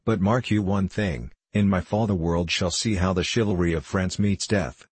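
A man's voice: low voice, fairly even intonation, moderate pace, a little mellow, breathy edge, dry recording. A man voicing a melodramatic, portly French duelist who declaims grandly, in a storybook reading.

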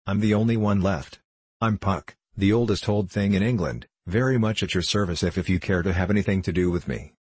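A man's voice: low-pitched, a little fast, darkish tone, slightly rough, dry recording. Man voicing Puck, the ancient merry hill sprite. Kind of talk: audiobook character reading.

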